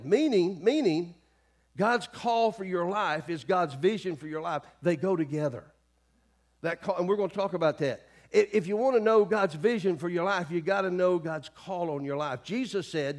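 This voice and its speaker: A man's voice: a little high, darkish tone. A middle-aged male pastor preaching a sermon in a folksy way, with many asides and calls to the congregation.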